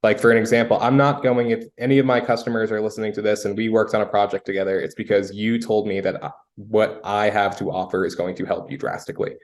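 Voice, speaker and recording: A young man from the United States, a sales guest telling a story in a relaxed, casual interview manner with frequent fillers. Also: on the low side, fast talker, few pauses.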